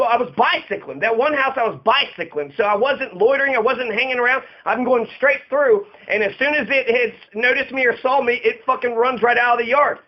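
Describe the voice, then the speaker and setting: A man in an angry, profane monologue, ranting and repeating himself. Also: very high voice. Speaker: local resident speaking out. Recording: muffled lo-fi sound.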